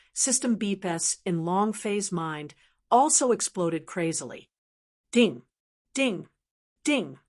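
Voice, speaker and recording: A woman narrates a fantasy web novel for an audiobook. Her voice sits at an ordinary middle pitch, and she keeps an even, unhurried storytelling pace throughout.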